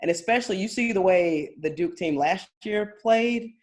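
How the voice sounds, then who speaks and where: A woman in casual sports chat, her pitch sitting in a middle range. She talks in long, winding turns, qualifying every prediction. Easy laughter runs through her talk. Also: normal speed, darkish tone. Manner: rambling, hedging, laughs often. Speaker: podcast co-host.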